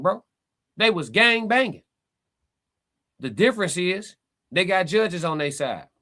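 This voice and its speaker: A man hosting a casual livestream, reading chat comments aloud and pushing back in emphatic, slangy, animated talk. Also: high voice. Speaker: podcast host reading live chat.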